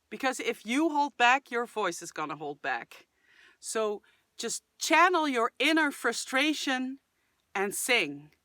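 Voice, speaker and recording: A woman hosting a singing channel, reacting and giving vocal tips in chatty, enthusiastic talk, sometimes breaking into sudden shouted cries and sung fragments to demonstrate. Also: a little high, no room sound.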